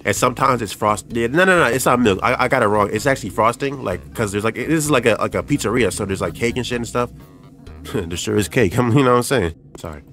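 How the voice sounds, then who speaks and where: A man's voice: mid-range voice, a little fast, fairly bright tone. A young man doing let's play commentary as a gaming YouTuber, cursing, stammering and joking as he reacts. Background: game music.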